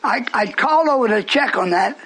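A man preaching a fiery sermon, speaking emphatically and breaking into shouts. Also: extremely high pitch, expressive, fairly quick, slight background noise, poor audio.

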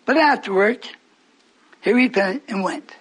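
High husky fervent preacher man. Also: a little slow. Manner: fervent, repetitive, quoting scripture. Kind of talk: sermon.

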